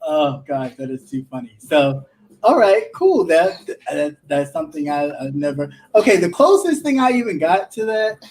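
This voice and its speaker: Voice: medium pitch, very animated, moderate pace, a little mellow. A talk show host in casual chat, chatty and laughing easily, greeting a live chat audience.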